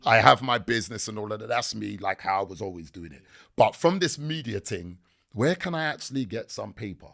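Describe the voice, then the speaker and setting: A man, a podcast guest telling stories in a lively, slangy way. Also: fairly low pitch, a little fast, creaky. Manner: animated storytelling with slang. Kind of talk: casual podcast interview.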